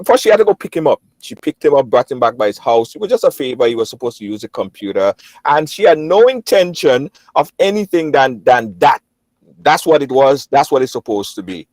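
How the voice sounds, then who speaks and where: Lively, dry-voiced male show host. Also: medium pitch, dry recording, poor audio. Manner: recaps and checks in with the caller, stammering restarts. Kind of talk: live call-in show hosting.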